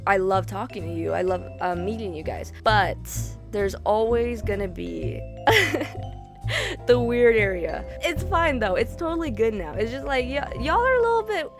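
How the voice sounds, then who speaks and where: A woman's voice: medium pitch, normal speed, hardly any pauses, soft background music. A young woman artist chatting in a casual storytime vlog, full of "like" and "dude", laughing often. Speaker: artist vlogger.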